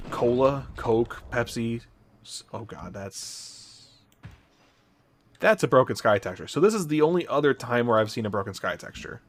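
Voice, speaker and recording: A man from the Chicago area with a general Midwestern American accent, chatting in a rambling way while he streams a game and answers chat. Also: medium pitch. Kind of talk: casual chat while gaming. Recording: faint music behind.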